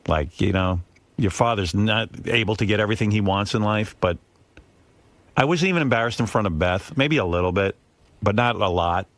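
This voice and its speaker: A middle-aged man on a radio show, telling a long anecdote in a lowish voice. The sound is dry and close-miked in a studio. He swears freely, pokes fun at himself, and slips into other people's voices as he goes. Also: fairly quick, no echo. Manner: animated, profane, self-deprecating, acts out other people's voices. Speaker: radio host. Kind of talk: casual studio chat, storytelling.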